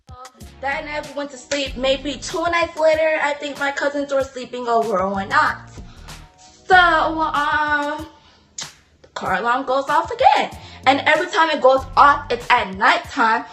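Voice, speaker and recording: Teen girl vlogger, high voice, chatty storytime, faint music behind. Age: teens. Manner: chatty, animated, indignant asides with quick apologies. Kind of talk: casual storytime vlog.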